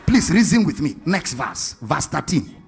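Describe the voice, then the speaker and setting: A man's voice: a little high, sing-song, normal speed, gravelly, darkish tone, slightly rough, soft background music. A man preaching a sermon to a congregation, firing rhetorical questions and asking them to read along.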